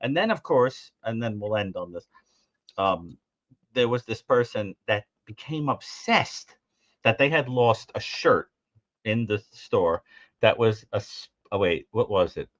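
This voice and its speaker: This co-host of a call-in show speaks unhurriedly in a fairly low voice, telling funny stories in casual conversation. He does impressions of the people involved and laughs frequently. The audio is lo-fi with no echo.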